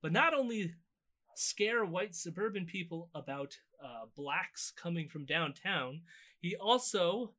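A man's voice: high voice, animated, takes it slowly, sharp tone. A man co-hosting a podcast, recapping clips in a loose, sardonic casual chat. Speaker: podcast co-host. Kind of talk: casual political commentary chat.

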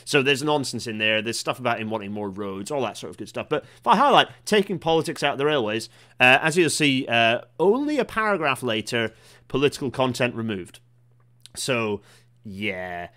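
A man at a desk mic, chatting casually about railways to his stream. His voice sits at a middling pitch, and he talks in a rambling way, full of false starts and asides. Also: big pitch swings, moderate pace, pushed and bright. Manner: waffling, self-interrupting, with many fillers and restarts. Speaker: host of a rail chat stream.

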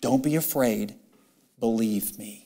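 Gentle, tender Jesus voiced by a man, soft and low, kept quiet and close within a sermon. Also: slow.

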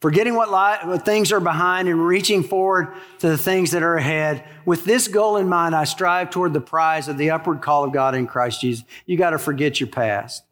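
A man's voice: fairly high pitch, moderate pace, hardly any pauses, a bit bright, in a large hall. A man preaching a sermon as a pastor, earnest and emphatic, repeating key phrases for weight.

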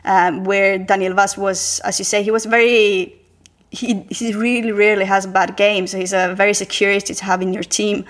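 A woman speaking in a flat, even tone as a guest football pundit. She talks in a measured way, pausing on fillers as she goes. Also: mid-range voice. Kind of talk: casual football discussion.

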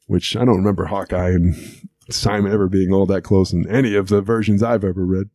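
A man's voice: fairly low pitch, normal speed, dark tone, dry recording, studio quality. A man co-hosting an audio podcast, chatting and laughing as he recaps a cartoon episode. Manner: chatty, amused, laughs often while recapping. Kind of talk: casual chat.

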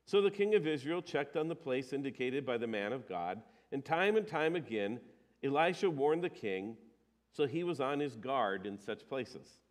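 A man's voice: medium pitch, animated, normal speed. A male pastor giving a sermon. He talks in a conversational way, with emphatic rises and some hesitations.

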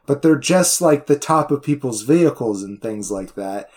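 A man co-hosting a relaxed movie podcast, talking in a middling voice. He hesitates a lot, stacks fillers and restarts, and lets his sentences fade to a mumble. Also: mid-range voice, moderate pace. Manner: hesitant, filler-heavy, trailing off quietly. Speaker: podcast co-host. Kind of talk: casual film discussion.

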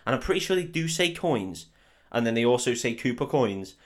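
A man's voice: mid-range voice, very animated, brisk. An Englishman hosting a podcast, giving a rambling, sweary recap of a film and acting out the quotes. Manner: rambling storytelling, swears freely, acts out quotes. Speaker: podcast host.

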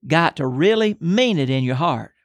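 A man voicing an encouraging woman who gently asks questions, with a dry, close sound. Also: a little high, expressive, moderate pace, dry recording.

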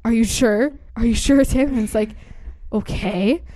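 Mellow-voiced woman chatting. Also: on the high side, dry recording. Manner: chatty, many fillers, acts out lines in quick voices. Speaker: storyteller retelling a book plot. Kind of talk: casual retelling.

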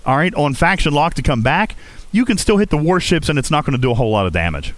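A man's voice: a little high, sing-song, fast, no room sound. A man hosting a gaming podcast, talking casually and coaching listeners, often checking in with "okay?". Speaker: podcast host.

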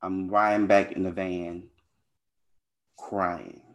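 Guest, man, low-pitched, casual and earnest storyteller. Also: little pitch movement, slow. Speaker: interview guest. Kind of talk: personal testimony in conversation.

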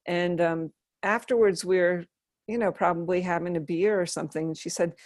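Low-voiced middle-aged woman, earnest and reflective. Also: steady tone, brisk, a little mellow, no room sound, clean studio sound. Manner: earnest, thoughtful, with frequent restarts. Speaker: interviewee. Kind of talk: reflective personal storytelling.

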